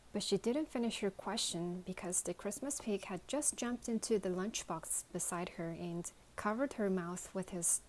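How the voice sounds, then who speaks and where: Bedtime storyteller lady from korea, reads real slow. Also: medium pitch, darkish tone, low-quality recording. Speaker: reader, mother. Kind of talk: bedtime audiobook reading.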